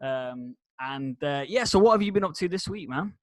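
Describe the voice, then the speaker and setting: A man co-hosting a casual podcast, talking in relaxed, teasing banter. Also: a little high, moderate pace. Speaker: co-host.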